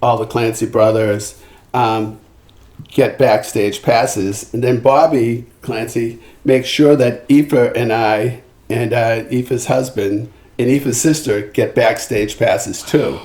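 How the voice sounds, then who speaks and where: Older man telling animated stories. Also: mid-range voice, slow pace. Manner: animated anecdotes with acted-out quotes and frequent restarts. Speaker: singer-songwriter guest. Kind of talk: storytelling in a podcast interview. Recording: roomy echo.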